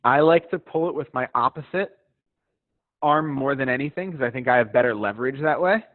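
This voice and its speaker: A man coaching a live stretching class in a relaxed, encouraging voice, chatting easily between cues. His voice comes through a narrow, phone-like video call with a dry, close sound. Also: medium pitch, a little fast, no room sound. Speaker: fitness instructor.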